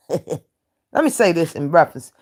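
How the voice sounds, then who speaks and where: A woman's voice: deep voice, very animated, slow pace, a little mellow. A woman from the United States, hosting a casual commentary rant in a brash, taunting way and laughing often. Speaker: YouTube commentary host playing a judge.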